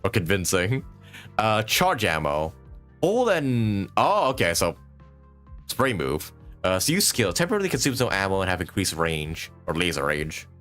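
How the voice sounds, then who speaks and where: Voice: low-pitched, sing-song, normal speed, fairly bright tone. Laid-back, swearing game streamer. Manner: laid-back, swears, laughs a lot, reads along. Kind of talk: casual gameplay commentary. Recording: game audio with faint music behind.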